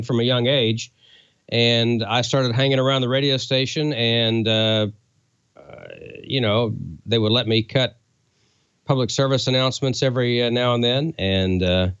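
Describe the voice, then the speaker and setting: A man's voice: mid-range voice, clear, resonant tone, no room sound, lo-fi sound. A man from Oklahoma, a radio broadcaster and co-host, telling stories in casual chat with lots of fillers. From Oklahoma, USA. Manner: relaxed storytelling with fillers.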